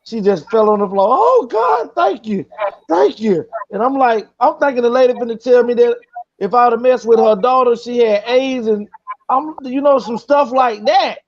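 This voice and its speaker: Host, male, high voice, animated storyteller, slightly muffled audio. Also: moderate pace. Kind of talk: casual storytelling chat. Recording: slightly dull lo-fi sound.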